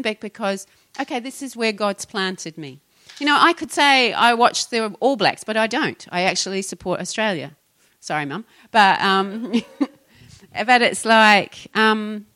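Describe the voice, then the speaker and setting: A woman's voice: medium pitch, sharp tone. A middle-aged woman pastor with a New Zealand accent, talking casually and chattily, often laughing and trailing off mid-sentence. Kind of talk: casual Christian podcast talk.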